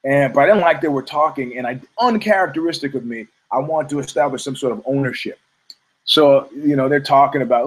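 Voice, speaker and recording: A man at medium pitch hosting a talk show who rambles through a story. He swears freely and keeps restarting his sentences with asides. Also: moderate pace, rough recording. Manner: rambling, profane, many restarts. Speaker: host.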